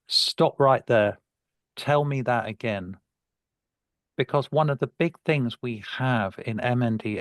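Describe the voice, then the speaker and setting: A man's voice: mid-range voice, no echo. A man working as a speech therapist and researcher, talking earnestly on a video call and often restarting words. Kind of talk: webinar discussion.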